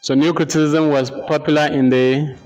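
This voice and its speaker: A man giving a lecture, slowly repeating names and spelling them out letter by letter for note-taking. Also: fairly high pitch, flat delivery, darkish tone, highs cut off. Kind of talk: slow dictation-style lecture.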